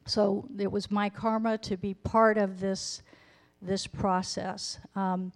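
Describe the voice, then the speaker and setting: A woman's voice: medium pitch, flat delivery, takes it slowly. Candid woman in her fifties telling her story. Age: 50s. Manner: candid, self-deprecating, with wry humor. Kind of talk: personal storytelling talk.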